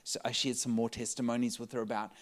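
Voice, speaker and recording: A man preaching a sermon, telling a story to his audience in an animated way, laughing often and raising his voice as he gets excited. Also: mid-range voice, fast.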